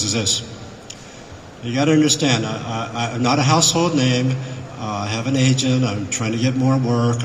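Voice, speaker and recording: A man guesting on a convention panel, telling animated anecdotes to a live audience and acting out the voices in his quotes. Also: mid-range voice, slight background noise. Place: convention hall. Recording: echoey hall, miked from afar.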